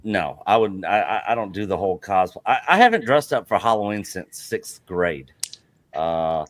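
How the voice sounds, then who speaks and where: A man's voice: deep voice, big pitch swings, normal speed. A man co-hosting a casual livestream chat, blunt and dismissive in his opinions. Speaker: co-host.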